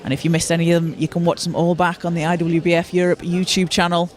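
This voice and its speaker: A man giving live play-by-play commentary from courtside at a basketball arena, steady and informative, with occasional restarts. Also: on the high side, fast.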